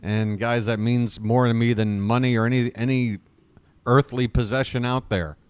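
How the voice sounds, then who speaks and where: A man hosting a live fan play-by-play stream, calling pitches and thanking viewers, jokey and emotional. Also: steady tone, moderate pace, clear, resonant tone. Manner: chatty, thanks viewers warmly between pitches.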